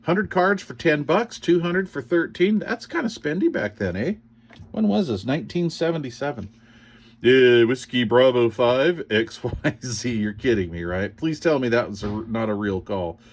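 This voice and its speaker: A man's voice: medium pitch, lively intonation, normal speed. A man chatting casually as he unboxes radio cards, rambling and joking as he reads call signs aloud. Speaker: CB radio hobbyist vlogger.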